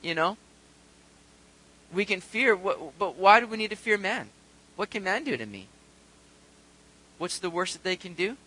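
A man preaching a sermon, reading scripture aloud and swinging between quiet earnest talk and loud urgent bursts. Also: fairly high pitch, poor audio. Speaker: pastor.

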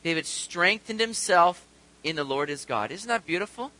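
A man preaching a sermon, reading scripture aloud and swinging between quiet earnest talk and loud urgent bursts. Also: on the high side, animated, moderate pace, poor audio. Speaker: pastor.

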